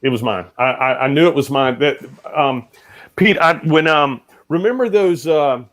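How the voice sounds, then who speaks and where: Man musing haltingly about guitars. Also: a little high, a bit bright. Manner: hesitant, many fillers and restarts. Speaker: guest musician. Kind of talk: casual storytelling.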